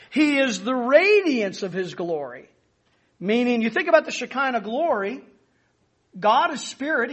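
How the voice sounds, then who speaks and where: Guy preaching a sermon, really high voice, super lively pitch, punches the big words. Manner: emphatic, animated teaching with stressed key words. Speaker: pastor.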